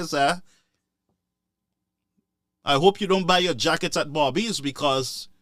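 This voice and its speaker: A man's voice: high voice, fairly bright tone, no room sound, studio quality. A man giving impassioned political commentary, scolding listeners in a repetitive, sarcastic way.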